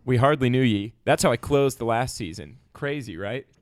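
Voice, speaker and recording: A man's voice: medium pitch, animated, normal speed, dry recording, clean studio sound. A man co-hosting a comedy podcast, playful and mock-serious in his jokes. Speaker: podcast co-host. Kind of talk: joking comedy podcast banter.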